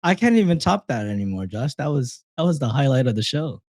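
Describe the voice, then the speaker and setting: A man co-hosting a casual live stream, teasing his partner in an animated way and breaking into fits of laughter. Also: medium pitch, a little fast, dry recording, studio quality. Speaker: podcast co-host.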